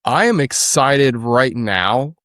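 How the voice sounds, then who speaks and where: A man's voice: mid-range voice, animated, takes it slowly, a bit bright, no room sound, studio quality. A man speaking as a podcast guest, explaining his work in a direct, matter-of-fact way. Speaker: podcast guest, agency founder. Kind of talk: casual interview chat.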